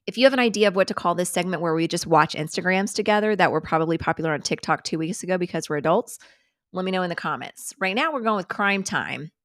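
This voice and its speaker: A woman's voice: on the low side, animated, fast talker, dry recording, studio quality. A woman hosting a live stream, chatting casually, giggling and swearing freely as she reacts to clips. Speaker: host.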